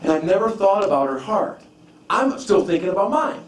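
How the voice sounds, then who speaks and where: A man's voice: high-pitched, big pitch swings, normal speed. Male preacher in an echoey hall. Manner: conversational, repeats words and restarts, tells personal stories. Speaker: pastor. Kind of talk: sermon. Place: church sanctuary. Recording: echoey room from far off.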